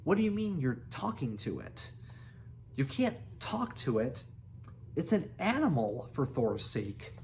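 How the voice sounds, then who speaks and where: A nervy, excitable Viking boy, put on by a man reading aloud, his voice leaping up high whenever he is surprised. He sounds astonished and easily rattled, in a storybook reading. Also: moderate pace, hardly any pauses, a little hiss or hum.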